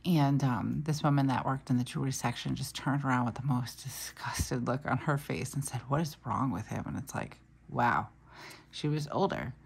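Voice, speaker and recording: Very low, gravelly-voiced woman chatting. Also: normal speed. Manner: chatty, storytelling, trails off into asides. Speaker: planner vlogger. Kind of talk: casual chat while planning.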